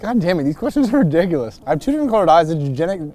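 Excitable, cursing man on a lapel mic. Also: a little high, rapid-fire, slight background noise. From Chicago, USA. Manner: excitable and profane, loud bursts, frequent laughs. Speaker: scooter rider interviewed on a filming day. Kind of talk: casual chat while filming. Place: outdoors on city streets.

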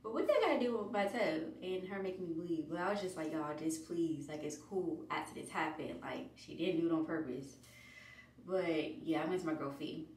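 Out of breath, this woman rambles chattily through her week for her vlog, spinning lively stories with a lilt. Her voice sits low at a normal pace, picked up from a distance so it lands off-mic in an echoey room, with a faint hiss underneath.

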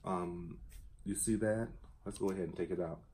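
A man chatting casually and enthusiastically about his record collection, at times singing along in a high falsetto. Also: fairly even intonation, normal speed, dark tone, breathy edge. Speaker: vinyl collector vlogger. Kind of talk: casual chat.

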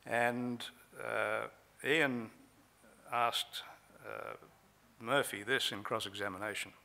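A man giving a measured conference talk on a legal case, pausing often with fillers, speaking from a lectern microphone. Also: mid-range voice, steady tone, vocal fry, sharp tone. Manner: measured, with frequent filler pauses. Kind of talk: conference talk recounting trial transcripts. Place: conference hall.

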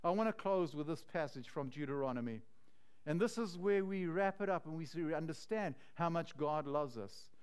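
A man pastor preaching a sermon in an earnest, slow and emphatic way. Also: a little high, expressive, a little mellow, clear, resonant tone.

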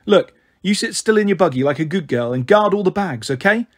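A man's voice: high-pitched, animated, fairly quick. A man voicing a responsible older girl looking after younger children, anxious and caring.

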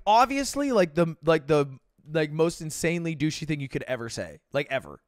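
A man's voice: a little high, sing-song, fairly quick, dry recording, clean studio sound. A man in his twenties giving casual, rambling reaction commentary, laughing and packing his talk with fillers. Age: 20s. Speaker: streamer reacting to a video.

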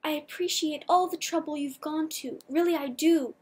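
A woman's voice: high-pitched, steady tone, moderate pace, a little mellow, lightly acted. A woman reading the lines of a hardened young male rebel fighter in an audiobook, urgent and blunt.

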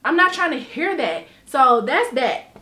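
A woman vlogger telling a personal story in casual storytime style, animated and emphatic, swearing freely. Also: high voice, unhurried, roomy sound.

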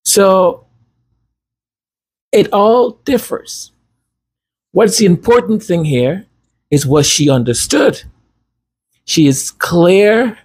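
Speaking with a slightly rough, a little mellow voice of fairly high pitch, this native Spanish speaker rambles through his commentary monologue. He keeps it chatty and casual, wandering off topic and poking fun at himself along the way.

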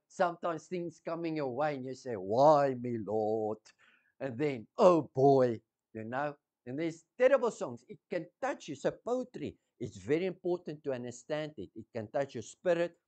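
A man preaching a sermon, teaching slowly, repeating key words and asking the congregation questions. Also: on the high side, darkish tone.

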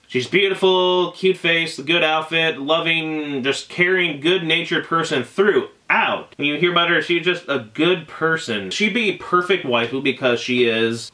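A man's voice: a little high, pushed and bright. A young man reviewing an anime in a casual, emotional, rambling way, full of fillers and exclamations.

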